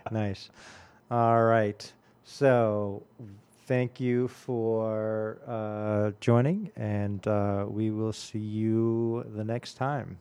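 Hosting a radio music show, a man in his late forties rambles through casual stories heavy with fillers. He speaks very slowly in a lowish voice with a level, darkish, clean tone.

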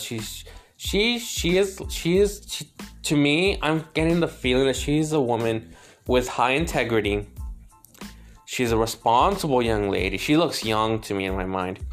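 A man working as a psychic medium, passing on messages in a gentle, halting way, repeating words and laughing now and then. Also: medium pitch. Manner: emotional, laughs between lines. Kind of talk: spirit reading, relaying messages.

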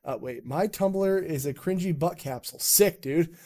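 A man's voice: a little high, moderate pace, warm tone. A man hosting a casual podcast chat, rambling and joking with plenty of swearing. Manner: rambling, swearing, loose and jokey. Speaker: podcast host.

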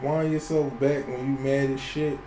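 A man's voice: mid-range voice, flat delivery, moderate pace, dark tone, a little hiss or hum. Emphatic man in a roomy space. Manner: emphatic, repeats himself. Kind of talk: casual chat. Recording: roomy sound with faint music.

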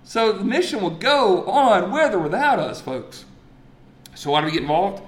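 A man preaches a sermon in a church, his voice bouncing around the room. He speaks on the higher side and tells stories with lively, animated energy, then drops to quiet emphasis. The echo of the sanctuary hangs on every line. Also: normal speed. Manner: animated storytelling, swings from loud excitement to quiet emphasis. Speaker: pastor.

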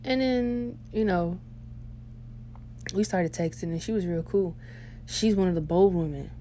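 A young woman podcast host telling a funny story in casual, slangy, profane chat, animated and laughing as she goes. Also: lowish voice, unhurried, a little hiss or hum.

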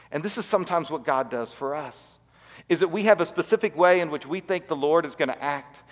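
A man preaching a sermon as pastor, telling stories earnestly and dropping to quiet emphasis. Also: fairly high pitch, in a large hall.

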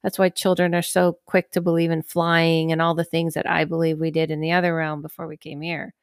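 A woman hosts a podcast in loose, casual chat, rambling with many fillers. Her voice sits low and sounds smooth and clear. The recording is dry and close. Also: fairly quick, dry recording. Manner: rambling, filler-heavy talk with lively acted-out quotes. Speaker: podcast host.

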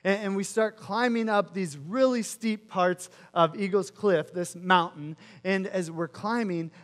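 High-voiced pastor telling a story in an echoey hall. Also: male voice. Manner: casual, self-mocking storytelling with many fillers. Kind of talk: sermon with personal story.

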